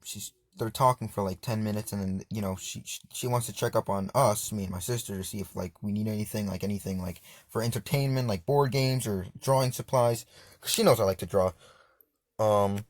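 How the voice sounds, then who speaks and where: A man's voice: fairly low pitch, a little fast, no echo, studio quality. A young man casually telling a personal story over gameplay, rambling and slangy with lots of fillers. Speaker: gaming channel storyteller.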